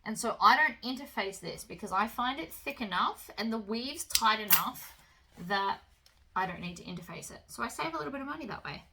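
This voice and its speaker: Bright-voiced woman teaching sewing. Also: a little high, brisk, a little hiss or hum, poor audio. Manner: relaxed, chatty instruction with fillers. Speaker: sewing tutorial host. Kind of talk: step-by-step craft tutorial.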